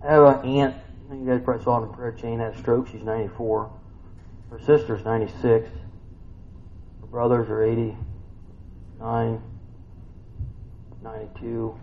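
A man's voice: steady tone, normal speed, pauses often, slight background noise. Folksy preacher in his fifties. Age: 50s. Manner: folksy, conversational preaching with rhetorical questions; swings between loud, high bursts and quiet, low reading. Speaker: pastor. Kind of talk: sermon. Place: church sanctuary. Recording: dull, lo-fi church recording with faint ambience.

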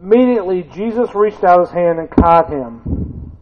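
A man delivers a relaxed, humorous sermon and mixes family anecdotes with a scripture reading. His voice sits high for a man. The recording is narrow and tinny, like a phone line. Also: moderate pace. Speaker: preacher. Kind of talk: conversational sermon.

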